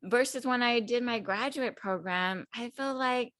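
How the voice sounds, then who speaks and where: A woman teacher and coach talking in a relaxed chat, reflective and quick to laugh. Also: mid-range voice, smooth, no room sound. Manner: reflective, laughs often, leans on "I feel like" and "right?". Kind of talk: casual chat.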